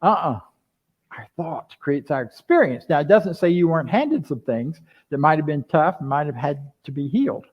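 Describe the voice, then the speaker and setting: Older male minister, lively questioning sermon. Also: on the high side, normal speed, hardly any pauses. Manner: lively, with repeated rhetorical questions to the congregation. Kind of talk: conversational sermon. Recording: dull lo-fi sound.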